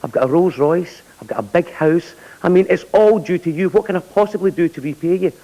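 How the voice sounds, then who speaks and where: A man's voice: high voice, a little fast, warm tone, highs cut off. Man presenting an award. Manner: dry storytelling with punchlines. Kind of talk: comic anecdote at an awards ceremony.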